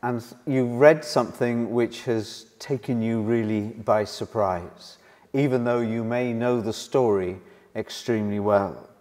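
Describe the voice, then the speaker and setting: A man's voice: mid-range voice, a little mellow. A man preaching a sermon in an earnest way, leaning hard on key words. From Wales. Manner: slow, earnest, rising and falling emphasis. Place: church hall. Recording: reverberant church hall.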